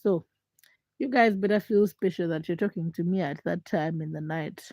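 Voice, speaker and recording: A young woman who is sick with a hoarse, froggy voice and a stuffed nose, chatting casually and teasingly with viewers on a late-night livestream from home. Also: normal speed, darkish tone, dry recording. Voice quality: deep, froggy voice. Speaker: livestream host.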